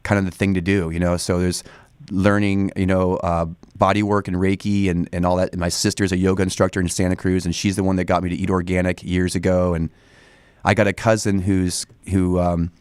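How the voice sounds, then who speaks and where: A man in his forties with a very low voice talks in a loose, rambling way, full of fillers and restarts. He is recorded close on a dry studio mic with no room sound. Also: flat delivery, fairly quick, darkish tone, clean tone, dry recording. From Northern California. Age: 40s. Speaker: studio guest. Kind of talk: casual interview talk. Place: radio studio.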